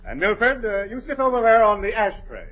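An actor playing a brisk, bossy, exasperated film director in 1940s radio-comedy style. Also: male voice, sits high, sing-song, noisy background. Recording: dull old radio broadcast.

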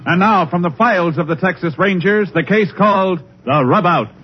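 Man, formal radio announcer, high voice, booming delivery, loud music under him, lo-fi old broadcast. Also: moderate pace. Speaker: show announcer.

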